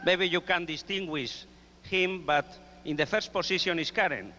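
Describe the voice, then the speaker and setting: A man's voice: high-pitched, normal speed, bright, forceful tone. A man giving an earnest, grateful tribute speech at a dinner. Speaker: dinner speaker honoring a colleague. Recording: echoey hall, dull sound, faint hum.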